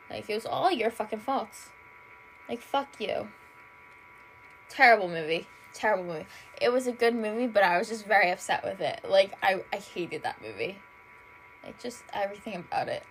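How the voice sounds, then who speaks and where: A woman's voice: medium pitch, low-quality recording. Young woman podcaster, kinda tired, rambly and dramatic, says like a ton, swears a lot, faint noise in the back. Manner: rambling, fills nearly every phrase with "like", swears freely; self-admitted dramatic, gushing. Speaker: podcast host. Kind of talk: casual solo podcast chat.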